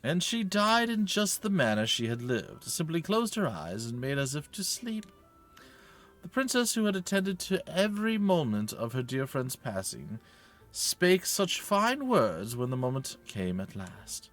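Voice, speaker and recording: A man's voice: on the high side, big pitch swings, fairly bright tone, voice pushed up. A man putting on a stately old knight. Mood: solemn. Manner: archaic formal speech, slow and stately. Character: older male knight, loyal, protective, old-fashioned. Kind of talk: reading game dialogue aloud.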